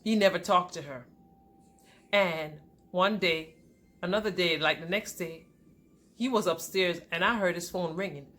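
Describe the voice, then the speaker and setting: A woman's voice: on the low side, a little slow, pauses often, fairly bright tone. A woman vlogger telling a personal relationship story straight to her viewers, with emphasis.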